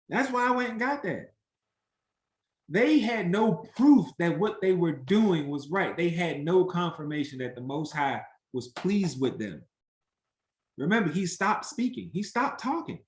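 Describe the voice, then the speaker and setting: A man teaching an interactive Bible study, animated and emphatic, acting out the voices he quotes. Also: sits high, echoey room.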